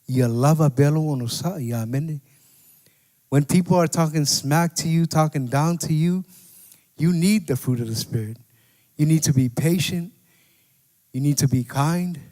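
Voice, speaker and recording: A man preaches a sermon in a conversational way, checking in with his listeners as he goes. His voice sits a little high for a man. The sound carries a long reverb, as if from a church hall. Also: normal speed, long pauses, dark tone. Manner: conversational preaching with repeated "right?" and scripture quotes. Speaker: pastor.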